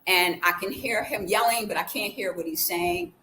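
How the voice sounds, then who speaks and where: A woman vlogger telling a personal story in a casual way, acting out the quoted dialogue with lively changes of voice. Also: fairly low pitch, normal speed, slight background noise, low-quality recording. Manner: animated, acts out the quoted dialogue.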